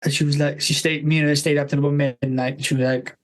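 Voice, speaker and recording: A man, hosting a podcast, who tells a rambling, animated story, swearing constantly and laughing partway through. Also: a little high, fast, low-quality recording. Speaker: podcast host. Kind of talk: casual storytelling chat.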